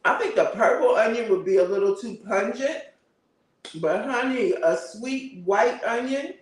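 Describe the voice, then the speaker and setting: Host type: high-pitched man, chatty live streamer who laughs a lot, sitting back from the mic. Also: lively intonation, measured pace, recorded from a distance. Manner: chatty, laughs often, answers viewer comments. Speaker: livestream host. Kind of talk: casual livestream chat. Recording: roomy, a bit off-mic.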